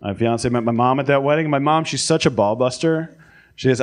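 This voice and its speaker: A young American man doing a stand-up set, telling stories in a deadpan, self-deprecating way. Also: medium pitch, a little fast. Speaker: stand-up comedian. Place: comedy club stage, live audience. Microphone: handheld stage mic. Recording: live club with loud crowd laughter.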